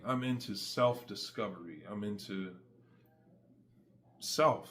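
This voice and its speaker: A man's voice: medium pitch, animated, a little slow, fairly bright tone. A man giving a casual, slangy faith testimony straight to his audience, emphatic and conversational. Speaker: faith vlogger.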